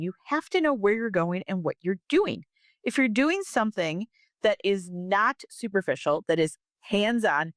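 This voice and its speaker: A middle-aged woman hosting a podcast, giving punchy, emphatic straight talk with lively pitch swings into a close mic. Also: no room sound. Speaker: podcast host, immigration lawyer. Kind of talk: direct podcast monologue.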